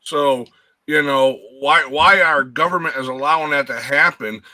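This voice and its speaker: A man's voice: fairly high pitch, moderate pace, sharp tone, no echo, rough recording. A man in casual chat, earnestly arguing a point and repeating words as he goes.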